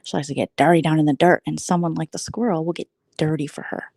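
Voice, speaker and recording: Gravelly woman in late-night gossip chat. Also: low voice, steady tone, quick pace, a little mellow, no room sound. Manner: rambling and gossipy, often dropping to a whisper. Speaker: vlogger host.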